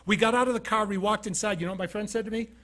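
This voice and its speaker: This keynote speaker from Utah talks rapid-fire in a high, fairly bright voice with fairly even intonation. His motivational talk mixes conversational stories, acted-out scenes, and questions for the audience.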